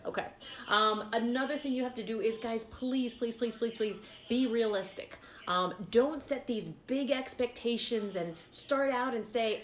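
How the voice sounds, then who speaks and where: A woman's voice: a little high, normal speed, a little hiss or hum. Chatty, encouraging woman in an echoey room. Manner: chatty, encouraging, many fillers. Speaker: fitness vlogger. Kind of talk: casual advice to camera.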